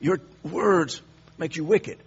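Husky preacher man, emphatic sermon. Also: on the high side, expressive, takes it slowly, muffled recording. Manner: emphatic, repeats phrases, restarts often.

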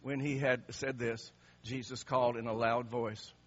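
A man preaching a sermon as a pastor, emotional and swinging from soft to loud. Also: medium pitch, little pitch movement, moderate pace. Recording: slightly muffled sermon recording.

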